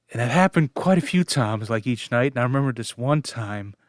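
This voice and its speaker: A man's voice: medium pitch, no room sound, studio quality. A man in his forties telling a funny family story as a casual vlogger, chuckling and fighting back laughter. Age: 40s.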